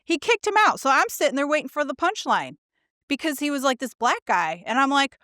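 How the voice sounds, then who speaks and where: A woman's voice: high voice, big pitch swings, brisk, bright, forceful tone, dry recording, studio quality. A middle-aged woman co-hosting a podcast, telling a story in casual chat and acting out the quotes with swearing. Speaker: podcast co-host.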